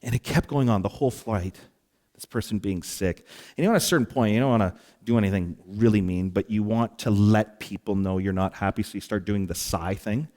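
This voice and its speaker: A pastor giving a sermon, telling a personal story in a lively, self-mocking way with exaggerated sighs. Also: male voice, lowish voice, brisk. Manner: animated storyteller, acts out exasperated sighs and asides.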